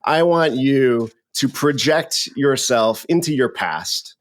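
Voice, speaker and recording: Dude co-hosting a podcast, playful and candid, just chatting, middle pitch. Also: male voice, slow pace. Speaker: podcast co-host. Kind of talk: casual podcast chat.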